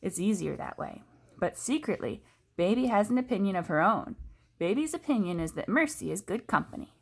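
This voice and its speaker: A woman reads a children's book aloud as a teacher would, in an expressive storytelling voice. Her pitch moves a lot and keeps the story lively. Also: fairly quick, vocal fry, slightly rough.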